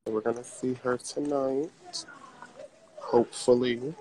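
Brief: chatty, sassy man with a mid-pitched voice, streaming live on a phone in a store, faint hiss. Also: fairly even intonation, slow pace, dark tone. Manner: chatty, sassy, addresses viewers as y'all. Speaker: drag performer livestreaming. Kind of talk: casual live-stream chat. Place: indoors in a large craft store.

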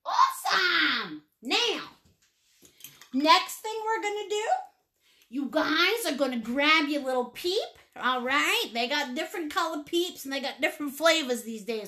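Woman painting instructor, playful and warm with viewers, bright voice with unhurried delivery. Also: high voice, animated. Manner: chatty and encouraging, greets viewers with pet names; playful, laughs often. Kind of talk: live-streamed painting lesson.

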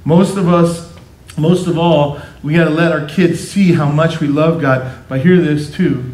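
A man preaching a sermon as pastor, animated, acting out quotes in changing voices. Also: fairly high pitch, a little slow. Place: church sanctuary. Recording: echoey church hall.

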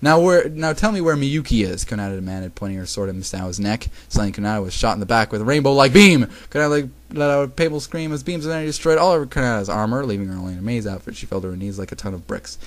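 A man's voice: lowish voice, steady tone, very fast, few pauses. A man reading fan fiction aloud at home, sarcastic and profane, stumbling over the text and mocking it. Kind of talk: mocking dramatic reading with commentary.

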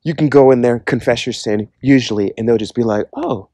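A man speaks in a mellow, warm voice, recorded dry and close with no room sound. He delivers an earnest personal testimony in a loose, conversational way, leaning on casual fillers as he talks. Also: mid-range voice, fairly even intonation, a little fast, no echo. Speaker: Christian speaker giving a testimony.

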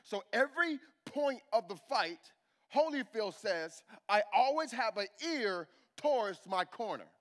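Pastor, male, higher register, animated sermon delivery, works the congregation. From United States. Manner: animated preaching, calls to the congregation for amens. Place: church sanctuary.

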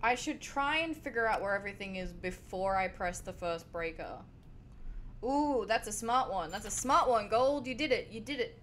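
A woman streaming a game, chatting to her audience in excitable, foul-mouthed commentary. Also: mid-range voice, moderate pace, slight background noise. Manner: excitable, swears a lot, talks to the chat. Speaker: gaming streamer. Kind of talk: let's-play commentary.

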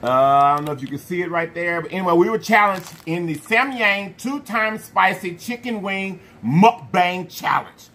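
A man hosting a food challenge vlog, talking to viewers in an animated, playful way with slang and drawn-out hype calls. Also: sits high. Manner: slang-heavy, addresses viewers as y'all. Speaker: mukbang channel host. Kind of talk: casual vlog talk to viewers.

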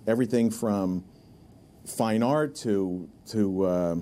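A man recounting a personal story in a documentary interview, with halting restarts. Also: on the low side, dark tone. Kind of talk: reflective storytelling.

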